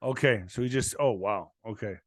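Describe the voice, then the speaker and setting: A podcast host breaks in with short, slangy reactions and quick questions. His voice sits in a middle range, and the sound is dry and close. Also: mid-range voice, no room sound. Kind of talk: casual interview chat.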